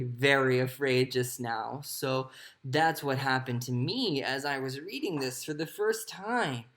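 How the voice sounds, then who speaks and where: A woman teaching how to read a storybook like an actor, talking in an expressive, playful way. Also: low-pitched. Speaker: acting teacher. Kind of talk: teaching read-aloud acting lesson.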